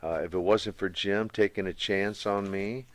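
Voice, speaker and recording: A man's voice: lowish voice, fairly even intonation, moderate pace, no echo. A man in his sixties, a former pro wrestler as guest, telling long anecdotes in a casual, rambling way with restarts. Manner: rambling, self-repeating anecdotes. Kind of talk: casual storytelling interview.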